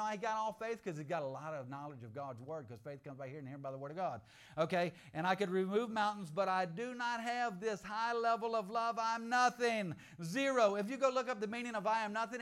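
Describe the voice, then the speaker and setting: A middle-aged man preaching a sermon in an animated, joking way, moving from quiet asides to loud outbursts. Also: high voice.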